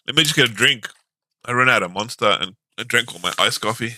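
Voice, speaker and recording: A man's voice: medium pitch, quick pace, pushed and bright, no echo. A man chatting casually and goofily while streaming a video game. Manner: goofy, silly and chatty. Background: game music.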